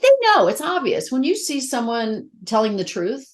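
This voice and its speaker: A middle-aged actress speaking as a guest in a casual interview, candid and emotional, telling stories with a lot of feeling. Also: female voice, on the high side, moderate pace. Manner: candid, emotional, animated storytelling.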